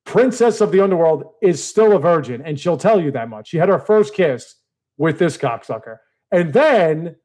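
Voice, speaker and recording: A man ranting casually to his audience, profane and exasperated, swinging between low mutters and heated outbursts. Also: darkish tone. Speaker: video creator. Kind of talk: casual rant to camera.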